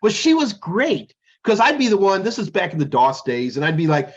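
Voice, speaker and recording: A man's voice: high voice, fairly quick, few pauses. Middle-aged guy rambling and joking in a chat, kinda muffled lo-fi sound. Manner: rambling, jokey, animated storytelling. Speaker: podcast co-host. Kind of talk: casual chat.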